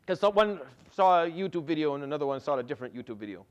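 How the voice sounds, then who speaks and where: A quick, high-voiced middle-aged man teaching a Quran lesson. He talks in an animated rush, restarting and repeating words and dropping in Arabic terms as he explains. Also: lo-fi sound. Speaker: Quran teacher giving tafsir. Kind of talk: religious lesson.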